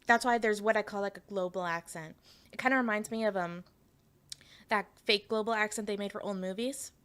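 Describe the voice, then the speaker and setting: A woman's voice: mid-range voice, a little fast, a bit bright. A woman from Canada streaming as a VTuber, chatting frankly with her chat and swearing freely. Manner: reads chat aloud and answers it. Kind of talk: casual livestream chat.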